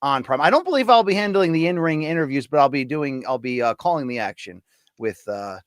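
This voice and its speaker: Lively man hosting a boxing podcast. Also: a little high, fairly quick, dry recording, clean studio sound. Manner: lively, reads audience comments aloud. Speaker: podcast host. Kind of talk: casual boxing podcast chat.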